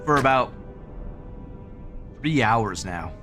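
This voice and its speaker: A man streaming a game live, joking and mocking himself with quick outbursts. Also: mid-range voice, expressive, pushed and bright. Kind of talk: live gameplay commentary. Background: game music.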